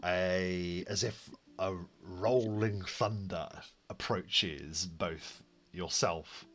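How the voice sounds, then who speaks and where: Unhurried male game master, mid-pitched voice, loose storyteller. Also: fairly even intonation, a bit bright. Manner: storytelling with fillers and self-corrections. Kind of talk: narrating a tabletop game.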